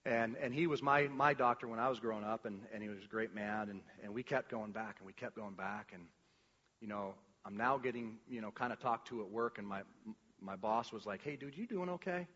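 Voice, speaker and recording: A man shares a personal testimony before a congregation, with a bright, forceful voice. He rambles and restarts often, then acts out quoted lines with energy. The recording is dull and muffled, with long reverb from a church hall. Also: on the low side, steady tone, a little fast. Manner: rambling storytelling with many restarts and filler words. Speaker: church speaker sharing a testimony.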